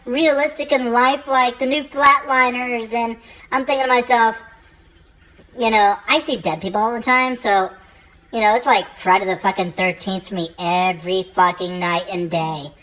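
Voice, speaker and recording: A woman's voice: medium pitch, steady tone, normal speed, a bit bright, low-quality recording. A woman doing a stand-up comedy routine, profane and rambling, full of fillers.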